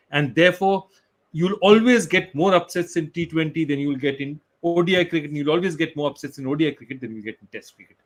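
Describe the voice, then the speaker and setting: A man making emphatic points as a cricket pundit over a remote link. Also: a little high. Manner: emphatic, argumentative, repeats for stress. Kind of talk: post-match panel chat.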